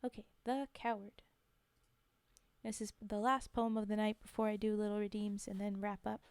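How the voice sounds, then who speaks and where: A young woman streamer reading poems aloud and chatting softly with her viewers. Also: mid-range voice, flat delivery, a little fast, clean tone, no echo. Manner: soft-spoken, chatty, thanks viewers between verses. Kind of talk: livestream poetry reading and chat.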